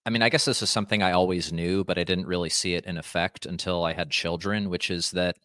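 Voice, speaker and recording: Deep-voiced man musing in casual talk. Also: steady tone, fast, fairly bright tone, dry recording, clean studio sound. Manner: rambling, thoughtful, restarts and fillers. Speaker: podcast guest. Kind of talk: casual conversation.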